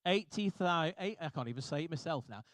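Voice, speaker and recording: Brisk auctioneer man calling bids. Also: on the high side, animated, a bit bright, no room sound. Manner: brisk, repetitive bid calling with jokey asides. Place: auction hall.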